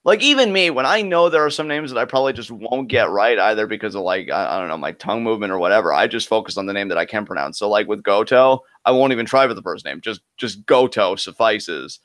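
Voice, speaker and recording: A man with a fairly low voice does relaxed, chatty play-by-play for a live wrestling reaction. The recording is dry and close, with almost no room sound. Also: fast talker, few pauses, no echo. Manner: conversational, joking play-by-play. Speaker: co-host, wrestling commentator. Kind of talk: casual live reaction commentary.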